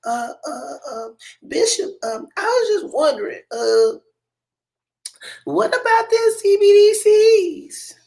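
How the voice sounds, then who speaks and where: A timid young woman in a congregation, holding a baby and raising her hand to speak, as a man puts her on. Her voice sits far up in a squeaky falsetto. She stumbles through halting fillers before she gets her question out. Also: lively intonation, vocal fry, darkish tone, full character voice.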